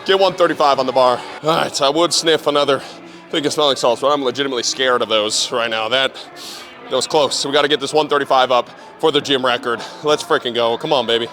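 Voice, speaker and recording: A man's voice: medium pitch, steady tone, quick pace, sharp tone, soft background music. A young man filming a gym training vlog as a strength coach, hyped and talking between lifts, often swearing.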